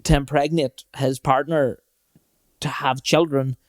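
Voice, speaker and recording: A man's voice: medium pitch, little pitch movement, unhurried, no room sound, clean studio sound. A man, co-hosting a podcast in casual chat and telling stories with frequent laughs. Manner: storytelling, laughs often while talking. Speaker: podcast co-host.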